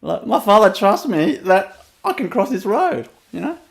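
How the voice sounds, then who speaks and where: A man's voice: high voice, very animated, moderate pace, creaky. A man with a Vietnamese accent gives a rambling, storytelling webinar talk as a spiritual teacher, laughing often and leaning on fillers.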